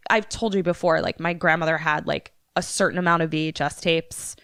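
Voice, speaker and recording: A woman co-hosting a podcast, casually retelling a movie plot with swearing and animated character voices. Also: low-pitched, fairly quick, gravelly, dry recording, clean studio sound. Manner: animated storyteller, acting out characters' lines. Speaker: podcast co-host.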